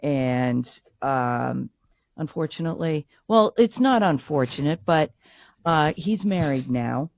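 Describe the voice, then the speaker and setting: A woman's voice: sits low, animated, slow, gravelly, no room sound, lo-fi sound. Chatty woman from Boston, dry sound. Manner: chatty, laughing, with many restarts. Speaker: voice actor guest. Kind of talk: casual interview chat.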